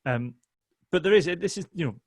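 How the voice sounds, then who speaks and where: A man's voice: a little high, animated, brisk, a little mellow, no room sound. A man hosting a casual podcast chat, explaining at length with frequent ums and hesitations. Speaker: podcast host.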